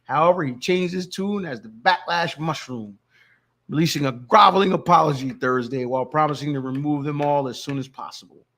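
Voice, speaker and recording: A man's voice: on the high side, brisk. Man reading a news article aloud. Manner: plain, even reading with wry asides. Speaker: podcast co-host.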